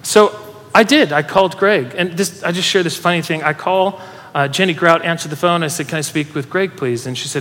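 A man with a high voice preaches in a large church hall, and a long reverb trails after his words. He tells stories with energy and urges the congregation to join in. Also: a little fast, few pauses. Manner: animated storytelling preacher, urging the congregation. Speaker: pastor. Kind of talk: sermon.

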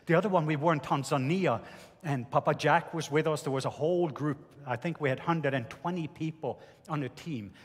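Man, Norwegian accent, sermon testimony, earnest and halting, slightly husky voice, long hall reverb. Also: on the high side. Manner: earnest storytelling with halting restarts. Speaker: preacher.

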